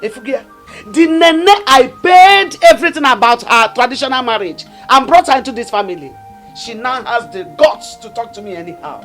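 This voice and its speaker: A high-voiced indignant Nigerian sister. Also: female voice, lively intonation, normal speed, fairly bright tone, faint music behind, rough recording. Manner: indignant, accusing, complaining. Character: proud, quarrelsome married sister. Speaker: aggrieved elder sister. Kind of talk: Nollywood family drama acting.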